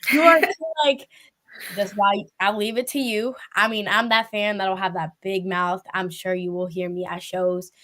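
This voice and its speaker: A woman's voice: medium pitch, level tone, normal speed, pushed and bright. A woman interviewing a guest in loose, casual chat. She rambles, fills gaps with "like" and "blah, blah," and laughs often. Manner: chatty, laughing, rambling with fillers.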